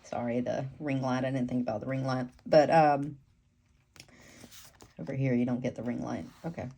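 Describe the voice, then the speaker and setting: A woman's voice: very deep voice, steady tone, normal speed, gravelly, dark tone. A woman with a stuffy cold, chatting casually in a rambling way with lots of ums as she shows her planner at home. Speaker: planner vlogger. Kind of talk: casual chatty show-and-tell. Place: home room with ring light and window.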